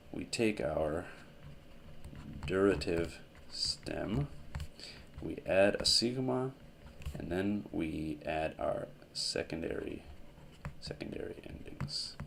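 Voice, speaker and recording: A man teaching a grammar lesson, explaining step by step in a slow, methodical way and correcting himself as he writes. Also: sits low, a bit bright, a little hiss or hum. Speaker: language teacher.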